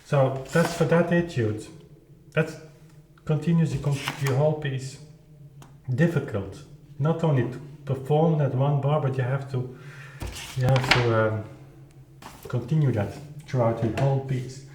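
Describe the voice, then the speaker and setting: A man who is not a native English speaker, explaining his playing in an informal music lesson, halting and searching for words with many restarts. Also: mid-range voice, reverberant, noisy background. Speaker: keyboard performer explaining his recording.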